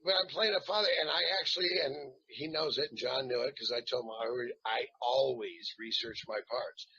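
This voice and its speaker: A man in his fifties, an actor guest telling jokes and stories in a lively, animated way during a casual interview. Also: medium pitch, brisk, breathy edge. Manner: animated joking storyteller. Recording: dull lo-fi sound.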